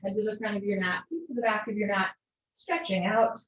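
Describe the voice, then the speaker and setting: A woman leads a yoga class over a video call, her voice at a middle pitch. She calls out posture cues in a calm, even flow and drops in gentle asides. The sound is roomy and a little dull. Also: fairly quick, a little hiss or hum. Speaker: yoga teacher. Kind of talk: live online yoga class instruction. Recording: echoey lo-fi video call audio.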